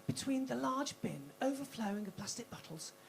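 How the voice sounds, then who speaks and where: A woman voicing a posh older male wildlife documentary narrator in a hushed, breathy whisper. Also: fairly high pitch, expressive, a little fast, a little hiss or hum. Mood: hushed reverent.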